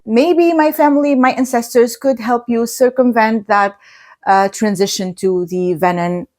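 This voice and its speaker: A woman book vlogger talking through a spoiler review in casual chat, gushing and excitable, with many fillers and restarts. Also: fairly high pitch.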